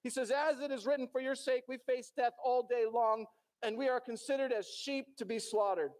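A man's voice: extremely high pitch, steady tone, moderate pace, a little mellow. A middle-aged man with an American accent, preaching a sermon in a church and telling stories earnestly, with many restarts. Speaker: pastor.

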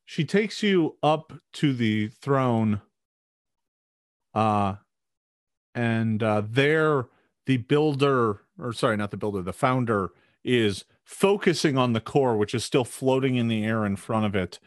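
A man's voice: mid-range voice, animated, slow, no echo. A man narrating as game master of a tabletop game, describing the scene vividly.

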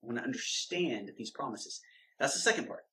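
A man's voice: mid-range voice, expressive, a little fast, sharp tone, slight background noise. A man giving informal Bible teaching in an emphatic, direct way that turns into preaching. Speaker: Christian video teacher.

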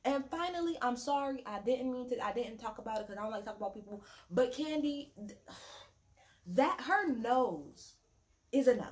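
A woman with a fairly high voice rants through a reality show recap in casual vlog talk. She is blunt, profane and sassy, and drops quick mocking asides. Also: lively intonation.

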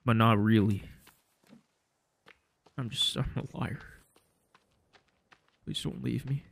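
A man streaming a survival game, giving casual commentary with sarcastic deadpan jokes and laughing at his own lines. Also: medium pitch, takes it slowly, creaky, slightly rough.

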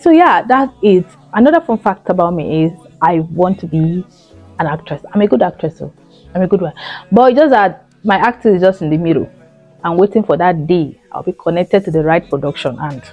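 A chatty woman talks straight to her viewers. Her voice is mellow and warm, and she leans hard on her points, repeating lines for emphasis. Soft music plays faintly behind her. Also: mid-range voice, muffled recording. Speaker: vlogger. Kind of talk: casual talk to camera.

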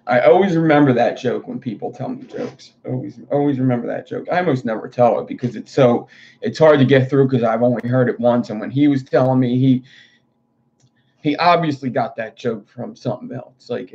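A man's voice: medium pitch, normal speed, gravelly, darkish tone. A male streamer chatting casually to viewers in a rambling, profane way. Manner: rambling, loose, profane talk. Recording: dull lo-fi stream audio.

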